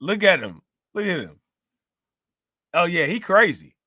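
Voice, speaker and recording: A man with a bright, forceful voice riffs on a news clip, laughing and mocking as he goes. The sound is dry and close, with a fairly high pitch for a man. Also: very animated, measured pace, no echo. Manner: loud, laughing, mocking banter. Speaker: show host reacting to a news clip. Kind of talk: casual reaction commentary.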